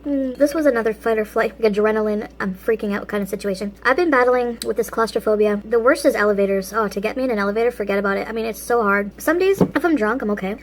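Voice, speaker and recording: A woman's voice: a little high, quick pace, a little hiss or hum. A woman hosting a casual vlog, telling a story while eating and laughing often between phrases. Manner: eats and talks with food in mouth. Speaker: vlog host.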